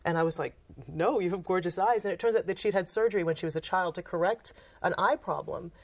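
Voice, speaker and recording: A Trinidadian woman, a photographer and author, tells anecdotes in a casual interview with a lowish voice and a quick pace. She's an animated storyteller who acts out the lines she quotes.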